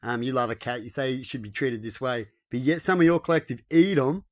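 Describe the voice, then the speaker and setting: A man voicing a blunt, superior male alien who eats humans, speaking in a quiet, matter-of-fact way. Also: mid-range voice, a little fast, natural voice. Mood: reasoning.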